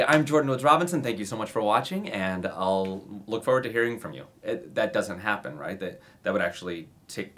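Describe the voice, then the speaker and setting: A man giving acting advice in a relaxed, conversational way, sometimes acting out sample introductions. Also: deep voice. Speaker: acting coach. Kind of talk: casual instructional talk to camera.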